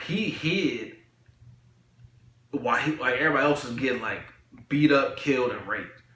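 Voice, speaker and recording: A man's voice: mid-range voice, sharp tone. A young man reviewing an anime in casual chat, rambling with lots of slang and fillers. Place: room, recording a video. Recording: echoey room.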